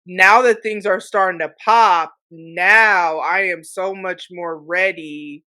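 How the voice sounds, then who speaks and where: A woman's voice: on the low side, takes it slowly, pushed and bright, no echo. A woman hosting a podcast in casual chat, reflective, with frequent filler phrases. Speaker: podcast host.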